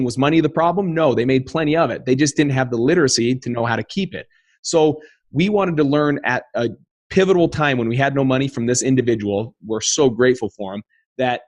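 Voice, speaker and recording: On a podcast, a guest in his thirties tells a personal story, earnest and animated, acting out the quotes as he goes. His voice is mid-range and the recording is dry.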